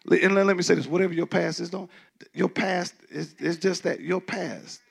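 A man preaching a sermon as pastor, in a loose conversational way, who acts out doubters in a shrill mocking voice. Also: normal speed, vocal fry, breathy edge. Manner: conversational preaching, mimics skeptics in a high squeal.

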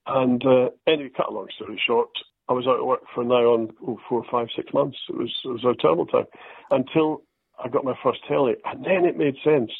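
An older Scottish man, an actor, telling self-deprecating stories in a relaxed interview. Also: mid-range voice, brisk, vocal fry, husky, dry recording. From Scotland. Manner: storytelling, self-deprecating, quotes others in lively voices. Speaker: actor guest. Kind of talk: anecdotal interview chat. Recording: dry tinny phone-like line.

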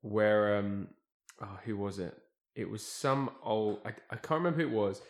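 A man's voice: fairly low pitch, moderate pace. Guy telling a long rambly story, keeps restarting, bit of room echo. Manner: rambling, self-correcting, animated storyteller. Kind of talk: casual chat, storytelling. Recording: echoey room.

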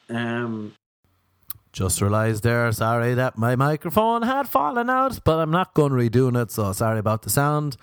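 A young Irishman delivers a casual comedic monologue full of swearing and animated rants. His voice sits in an ordinary middle pitch. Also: normal speed, clear, resonant tone. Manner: profane, ranting, animated storyteller. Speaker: vlogger.

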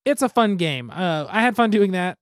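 A man's voice: sits high, lively intonation, moderate pace, no echo, studio quality. Easygoing self-deprecating man, podcast co-host. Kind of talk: casual podcast chat.

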